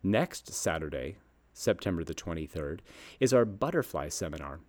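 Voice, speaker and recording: A low-voiced man in his fifties reads a scripted garden column. He tells it in a folksy, upbeat way, and his pitch swings widely as he goes. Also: big pitch swings, moderate pace. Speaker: garden nursery host. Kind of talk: scripted read-aloud column.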